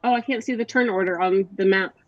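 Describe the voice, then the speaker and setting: A woman playing in a tabletop game, chatty and excited. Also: medium pitch, fast. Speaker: player. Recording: dull lo-fi audio.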